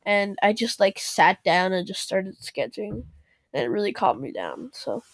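A woman's voice: mid-range voice, sing-song, unhurried, no room sound. A young woman co-hosting a podcast, chatting casually, full of fillers and laughs. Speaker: podcast co-host. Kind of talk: casual chat.

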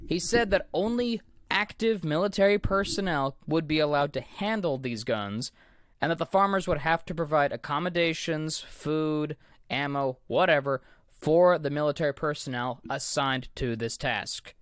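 Man, podcast co-host, casual storyteller, fairly high voice, dry close mic. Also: moderate pace, fairly bright tone, no room sound. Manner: laughs easily, tells history with asides.

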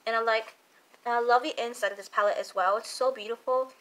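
A woman's voice: a little high, fairly even intonation, quick pace, a bit bright. A young woman chatting casually as a makeup vlogger, gushing and repeating herself, full of fillers. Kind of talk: casual chat reviewing makeup.

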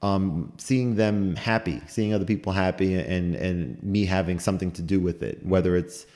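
Deep-voiced young man rambling casually. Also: normal speed, a little mellow. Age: young adult. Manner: rambling, repeats words, laughs while telling stories. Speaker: podcast guest. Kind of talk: casual podcast chat.

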